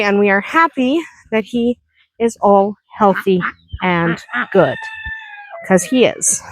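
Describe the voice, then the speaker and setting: A woman's voice: medium pitch, animated, takes it slowly, pauses often, no echo. Chatty woman farm vlogger, dry sound. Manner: chatty and reassuring, talking while walking around the farm. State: tired and sore after heavy lifting. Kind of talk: casual vlog chat. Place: outdoors on a farm.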